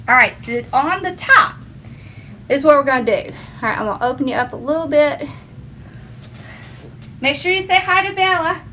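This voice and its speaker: A woman's voice: high-pitched, pushed and bright, slight background noise. A woman hosting a casual craft tutorial at home, chatty and homey, talking to her viewers and her dog. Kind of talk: casual how-to demonstration.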